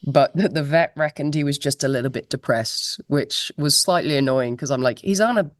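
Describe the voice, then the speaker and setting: A woman's voice: deep voice, moderate pace, dry recording, clean studio sound. A woman, a musician guest telling anecdotes in a chatty, laughing way over a laptop video call. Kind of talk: casual interview chat.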